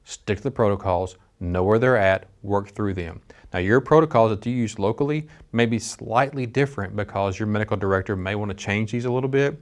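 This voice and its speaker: Gravelly low-voiced male dispatch instructor. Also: a little fast, hardly any pauses. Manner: conversational, earnest, many restarts. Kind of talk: training lecture with personal story.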